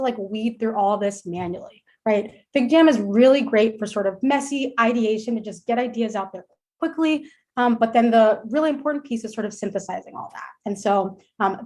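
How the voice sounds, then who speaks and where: Woman presenter, slightly high voice, chatty product demo with lots of ums. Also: darkish tone. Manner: friendly, many ums and uhs, walks through a screen demo.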